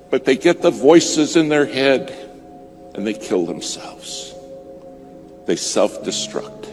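A man preaching a sermon, telling a story with dramatic swings from loud to hushed. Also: medium pitch. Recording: music bed behind voice.

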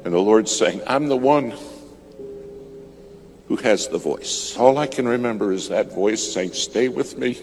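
A man preaching a sermon, telling a story with dramatic swings from loud to hushed. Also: fairly low pitch, measured pace, long pauses, slight background noise. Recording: music bed behind voice.

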